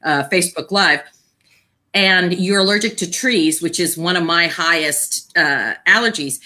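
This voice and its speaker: A woman guest on a live video Q&A, explaining health topics in a casual, informative way while she keeps clearing her throat and coughing. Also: fairly low pitch, unhurried, bright, forceful tone. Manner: explanatory, informative, with many fillers. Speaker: guest thyroid patient advocate.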